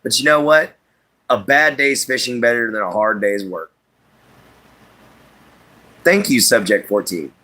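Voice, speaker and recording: Male streamer, bright voice, loose folksy chatter with frequent laughs. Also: mid-range voice, a little slow, pauses often, slight background noise. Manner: rambling, folksy, laughs often. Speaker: livestream host reading viewer chat. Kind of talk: casual chat.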